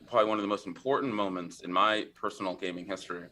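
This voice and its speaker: A man in his forties, a podcast guest, telling a story in a chatty, animated way, acting out lines of old game text. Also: deep voice, very fast, slight background noise. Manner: chatty, full of fillers and "right?". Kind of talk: conversational storytelling.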